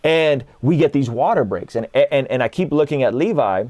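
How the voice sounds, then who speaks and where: Guy in his 30s, guest on a casual chat, tells stories all animated, does little voices for people, mid pitch, dry close mic. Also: normal speed, dry recording. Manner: animated storyteller, acts out quotes. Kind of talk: casual conversation.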